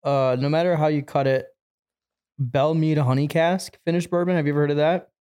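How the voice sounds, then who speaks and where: A man's voice: fairly high pitch, steady tone, a little fast, warm tone, smooth. A young man co-hosting a podcast in casual chat, telling blunt, easygoing stories. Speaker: podcast co-host.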